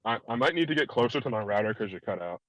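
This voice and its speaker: A man who has just joined a voice call on a stream, talking quickly in an offhand, casual way. His voice is dry, with no room echo around it. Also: mid-range voice, lively intonation, a bit bright. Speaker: friend joining a voice call. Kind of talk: casual chat.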